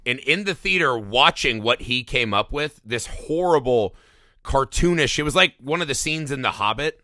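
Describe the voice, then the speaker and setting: A man in his thirties co-hosting a film podcast, profane and animated, often mocking in high voices. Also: normal speed, no room sound. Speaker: podcast co-host. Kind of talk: casual film podcast chat.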